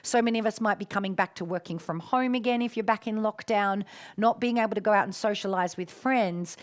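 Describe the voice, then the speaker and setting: A middle-aged Australian woman hosting a live-streamed coaching talk, expressive and affectionate with her listeners. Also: medium pitch, a little fast. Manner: warm, expressive, calls listeners "my darling".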